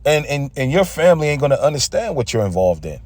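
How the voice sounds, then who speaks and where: A man's voice: medium pitch, very animated, quick pace, darkish tone, no room sound. A man giving an intense, casual religious rant, often stumbling and repeating himself. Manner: intense, repetitive, stumbling over words.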